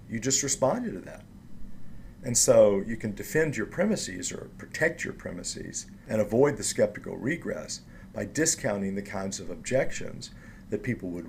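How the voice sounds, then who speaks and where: A man giving a recorded lecture, explaining slowly and stressing key words. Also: lowish voice, darkish tone, a little hiss or hum.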